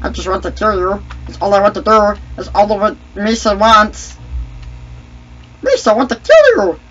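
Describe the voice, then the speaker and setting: A man putting on the voice of a goofy, clumsy male alien sidekick in an excitable, trash-talking way while commenting on a game, with sing-song babble. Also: high voice, normal speed, pitched above the performer's own voice, heavily acted. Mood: gleeful. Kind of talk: gaming commentary in a character voice. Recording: dull lo-fi mic with faint hum.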